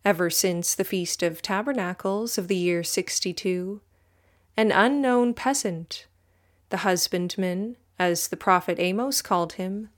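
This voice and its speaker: Slow, solemn woman reading aloud. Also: lowish voice. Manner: measured, solemn reading that speaks footnote citations aloud. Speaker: audiobook reader. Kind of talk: scripted narration of a religious history text.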